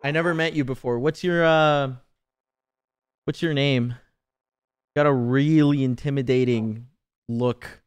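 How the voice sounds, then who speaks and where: A man in his twenties streams a game and chats casually, swearing a lot, teasing and laughing. His mid-range voice is steady, clear and resonant, a little slow, with frequent pauses.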